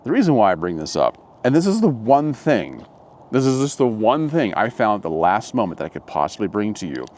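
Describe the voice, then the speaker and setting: A man's voice: on the low side, sing-song, a little fast, a little mellow, a little hiss or hum. A man vlogging outdoors in a casual, reflective monologue, musing and rambling with frequent restarts. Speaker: motivational vlogger.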